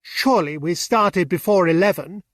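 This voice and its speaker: A man reading an audiobook, voicing a young man who speaks plainly and teases gently. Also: high-pitched, moderate pace, no echo, studio quality, natural voice.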